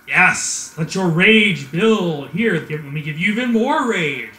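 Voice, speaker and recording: A man's voice: high-pitched, lively intonation, a little slow, pushed and bright, full character voice. A man voicing a scheming male villain who coaxes and goads a warrior, in a mock-dramatic manner, in an echoey room. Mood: coaxing.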